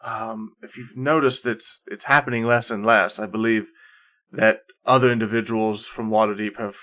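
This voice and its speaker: A man's voice: lowish voice, steady tone, normal speed, fairly bright tone, close to an everyday voice. A man voicing an evasive male scholar who speaks hesitantly.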